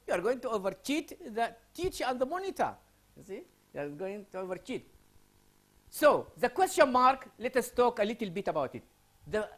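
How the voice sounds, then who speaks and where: A man's voice: high-pitched, a bit bright. A man from Sudan lecturing a class on English writing, asking students questions and repeating key phrases.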